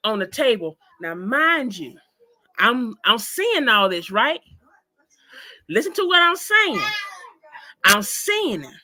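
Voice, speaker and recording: A woman guest in an interview, telling a personal story in an animated, emphatic way and speaking straight to her listeners. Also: a little high.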